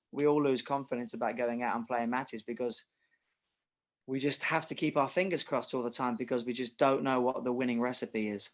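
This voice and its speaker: A middle-aged man coaching through a relaxed podcast conversation. He explains ideas with lively acted examples and a conversational, expressive manner. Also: mid-range voice. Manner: animated storyteller, uses acted examples. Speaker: tennis coach. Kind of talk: casual podcast chat.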